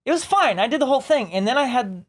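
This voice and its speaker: A man co-hosting a podcast, telling stories in casual chat with lively, rambling delivery. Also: very high voice, fast. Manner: rambling storyteller, animated. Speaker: podcast co-host.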